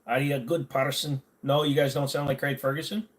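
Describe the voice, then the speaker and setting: A man's voice: medium pitch, level tone, a little fast. A man hosting a casual livestream from home, reading viewer comments in a crude, joking, laid-back way. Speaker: livestream host. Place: at home, on bed rest.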